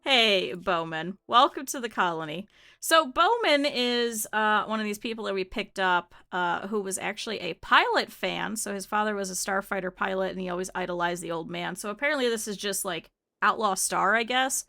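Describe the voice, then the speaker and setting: A woman streamer with a slight lisp, chatting casually and excitedly with viewers while playing a game. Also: medium pitch, moderate pace, vocal fry. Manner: chatty and animated, often laughing. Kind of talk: casual gameplay chat with viewers.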